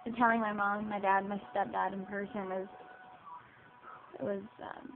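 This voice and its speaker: In a personal vlog, a teen girl aged seventeen talks to the camera at normal speed in a mid-range, level voice. Her speech is hesitant and full of ums and restarts. The tinny lo-fi recording carries some hiss.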